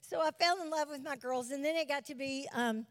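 A woman in her sixties, a missionary preacher, telling her testimony in a lively, folksy way from a church stage. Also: sits high, brisk, in a large hall. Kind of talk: sermon testimony. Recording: live church sound with music behind.

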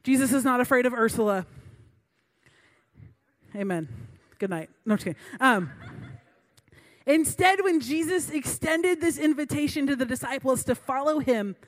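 High-voiced young woman preaching with jokes. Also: lively intonation, normal speed, pauses often. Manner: chatty, self-mocking, laughs between lines. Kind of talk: humorous sermon storytelling.

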